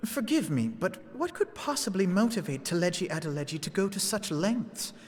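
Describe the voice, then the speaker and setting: A man's voice: sits high, sing-song, moderate pace. An actor playing a formal, earnest male ally in a game cutscene, with courteous, formal phrasing. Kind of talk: video game cutscene voice acting.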